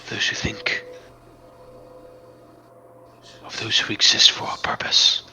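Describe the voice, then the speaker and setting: A serene otherworldly spirit woman, put on by a man running a tabletop game, speaks in a soft, slow, half-whispered hush. The voice is bright and clear. She sounds calm and unhurried. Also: medium pitch, full character voice, low-quality recording. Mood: intoning.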